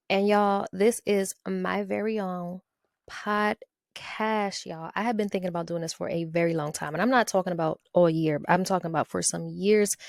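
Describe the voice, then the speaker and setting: A woman's voice: medium pitch, no echo. Chatty woman hosting a podcast solo. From Ohio, USA. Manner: chatty and playful, keeps tagging lines with "okay?" and "y'all". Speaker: podcast host. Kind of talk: casual solo podcast monologue.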